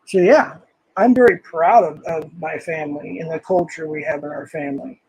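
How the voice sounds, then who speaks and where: A man's voice: on the high side, moderate pace, a little hiss or hum, low-quality recording. An older man streaming live, reading comments aloud in an angry, swearing rant.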